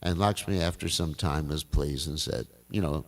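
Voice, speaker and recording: An older man with a low, gravelly voice tells scripture stories to a temple class. He talks in a loose, folksy way and chuckles between his asides. He is picked up from a distance in the hall. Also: normal speed. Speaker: class speaker.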